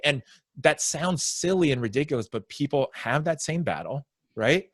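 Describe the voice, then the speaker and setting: A man, a sales consultant, explaining his approach as a podcast guest and acting out his clients' worries in quick asides. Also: a little high, slightly rough, dry recording, studio quality. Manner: animated explainer, acts out prospects' inner voices. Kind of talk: conversational interview.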